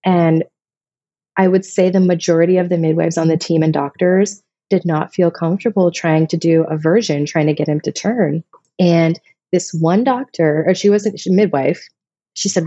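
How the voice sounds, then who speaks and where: A woman's voice: lowish voice, normal speed, warm tone, no echo, lo-fi sound. A woman in her thirties from Vermont, telling personal stories in a casual, emotional, rambling way as a podcast guest. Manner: emotional, rambling, many restarts.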